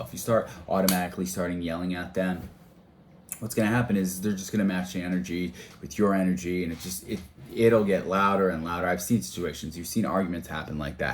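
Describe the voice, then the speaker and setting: Deep-voiced man giving conflict advice. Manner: conversational, repeats key phrases for emphasis. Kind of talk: motivational talk to camera.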